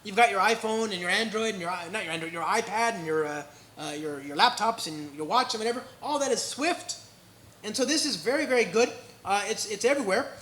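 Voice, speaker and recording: A man with an American accent giving a live tech talk at a meetup, energetic and joking, often checking in with the crowd. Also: high-pitched, fairly quick, echoey room, slight background noise. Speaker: conference speaker. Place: indoor meetup venue.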